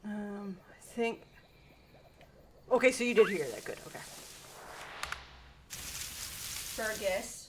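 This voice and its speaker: A woman streaming, chatting casually with her viewers and breaking off to yell at her cat. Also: medium pitch, animated, normal speed, long pauses. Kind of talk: casual live-stream chat. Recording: distant mic with noise.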